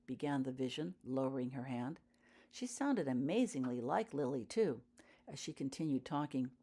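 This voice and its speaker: A woman reading her own story aloud as an audiobook, in a measured storytelling manner. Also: sits low, lively intonation, warm tone. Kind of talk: audiobook narration.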